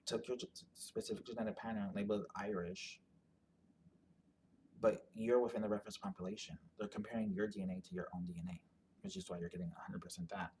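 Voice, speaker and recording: A man with a fairly low voice talks through a topic off the cuff, circling back and restarting his sentences. He leans on filler words as he works out his points, and a faint hiss sits under the recording. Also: a little mellow. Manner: rambling, full of "like" and restarts. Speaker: commentator on genetic ancestry. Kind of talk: casual explanatory monologue.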